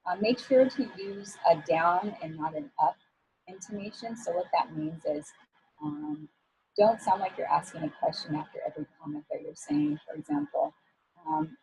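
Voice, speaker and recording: A woman's voice: on the low side, big pitch swings, normal speed, creaky, warm tone, dull audio, a little hiss or hum. A woman working as an image coach, giving a talk on professional communication in a casual, encouraging way with frequent fillers.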